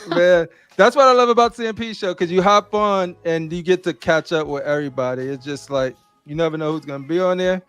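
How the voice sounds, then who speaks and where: Male panel guest, high and energetic, casual slangy talk with faint music underneath. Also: a little fast, few pauses, clear, resonant tone, dry recording. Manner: animated storyteller, slangy. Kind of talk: casual chat.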